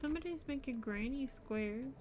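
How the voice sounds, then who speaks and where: A woman's voice: high-pitched, moderate pace, a little mellow, faint music behind. A young adult woman streaming her crochet, chatting casually and sounding sleepy and yawny. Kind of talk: casual live-stream chat.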